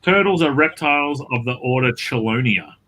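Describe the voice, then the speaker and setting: A man's voice: mid-range voice, expressive, normal speed, noisy background. A man chatting as a guest, playful and teasing. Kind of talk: casual group chat.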